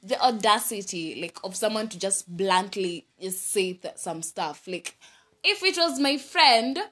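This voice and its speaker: A young woman with a Kenyan accent telling a story in a casual vlog, animated and mixing English with Swahili slang. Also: mid-range voice, a little slow. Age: young adult. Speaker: vlogger. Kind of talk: storytime chat.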